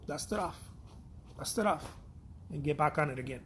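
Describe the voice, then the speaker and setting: A man's voice: fairly high pitch, lively intonation, normal speed, a bit bright, a little hiss or hum. A man from Mexico, an artist giving a blunt, profane, repetitive pep talk in a casual vlog.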